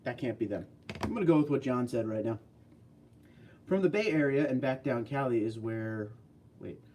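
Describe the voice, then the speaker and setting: A man's voice: mid-range voice, expressive, moderate pace, a little mellow, distant mic, slight background noise. Chatty man hosting a livestream. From California. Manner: rambling, chatty, answers chat questions. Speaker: livestream host. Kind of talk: casual livestream chat reading viewer comments.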